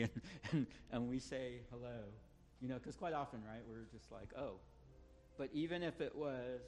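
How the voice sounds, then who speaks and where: A man's voice: medium pitch, a little mellow. Earnest man preaching a sermon. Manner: earnest, conversational with restarts.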